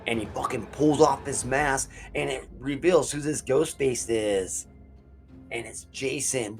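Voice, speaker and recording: A man hosting a casual movie review from his basement studio, talking in a loose, excitable, profane way. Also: mid-range voice.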